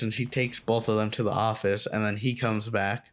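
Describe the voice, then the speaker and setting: A man's voice: on the low side, little pitch movement, normal speed. A young man telling a story from his school days in a casual, rambling, profane way, full of fillers like "like". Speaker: storytime vlogger.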